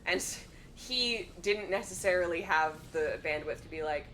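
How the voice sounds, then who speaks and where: Casual stream commentator, woman, bright, a rambling storyteller with a faint noise floor. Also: on the low side, moderate pace. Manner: rambling storyteller, laughs often, acts out her dogs in playful voices. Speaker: charity marathon commentator. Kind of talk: casual chat over a game stream.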